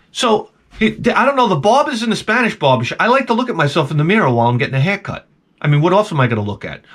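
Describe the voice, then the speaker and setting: An older man hosting a vlog, telling a comic story in an animated, profane way and acting out his own reactions. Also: high voice. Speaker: vlog host.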